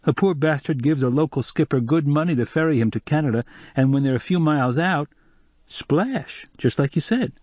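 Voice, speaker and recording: A man's voice: a little high, expressive, normal speed, darkish tone, no room sound, pitched above the performer's own voice, close to an everyday voice. A man voicing a blunt, confiding local official in an audiobook, close and dry.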